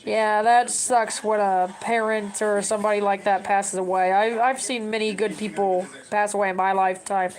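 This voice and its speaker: A woman's voice: medium pitch, fairly even intonation, normal speed, few pauses, poor audio. A woman in her thirties talking casually to her camera, rambling and giving advice. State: tearful. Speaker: vlogger.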